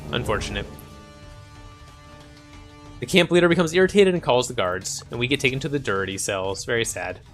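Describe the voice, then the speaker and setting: A man's voice: medium pitch, a bit bright. A man hosting a casual let's-play, chatting and reading game text aloud. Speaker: gaming channel host. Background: faint game music.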